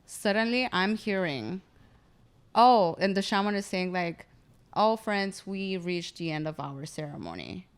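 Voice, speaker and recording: Animated woman telling a wild story. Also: lowish voice, a little slow, clean tone. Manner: animated, acts out quotes. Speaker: comedian guest. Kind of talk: casual storytelling chat.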